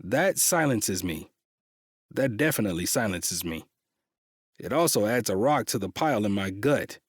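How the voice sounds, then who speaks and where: A man's voice: lowish voice, expressive, normal speed, no echo, studio quality. Man narrating a tense audiobook. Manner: tense, frustrated, swears. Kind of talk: first-person romance audiobook narration.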